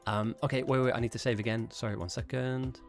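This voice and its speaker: A man's voice: medium pitch, steady tone, quick pace, faint music behind. A man live-streaming esports commentary, chatting casually and self-mockingly with his viewers between calls of the action. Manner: chatty, self-mocking, rambling asides to chat.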